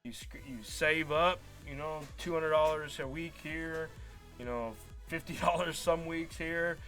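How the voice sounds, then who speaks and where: A man's voice: on the high side, steady tone, a little slow, a bit bright. A man telling a long, frustrated story in casual live-stream chat as a card break host, acting out quoted dialogue. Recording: faint music behind.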